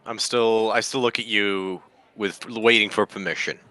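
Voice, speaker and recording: Casting: male player, very low pitch, bright forceful tone, earnest and formal. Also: steady tone, normal speed, poor audio. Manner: earnest and wordy, formal phrasing. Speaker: tabletop game player. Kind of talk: in-character play.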